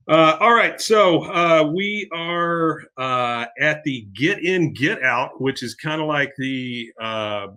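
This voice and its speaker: A man's voice: medium pitch, pushed and bright. A man hosting a podcast, recapping a cartoon episode in casual chat with laughs and fillers. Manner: retells scenes with laughs and fillers. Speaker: podcast host.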